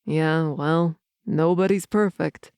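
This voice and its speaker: Young male werewolf read by a woman, protective, earnest, slow, dry close sound. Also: low-pitched, fairly even intonation, a little mellow, clear, resonant tone, no room sound. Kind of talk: audiobook character reading.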